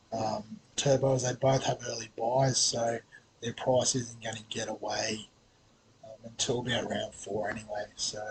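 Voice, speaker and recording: A man's voice: mid-range voice, background noise. A man with an Australian accent hosting a fantasy sports vlog, talking casually with lots of hesitations, fillers and restarts. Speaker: fantasy sports channel host.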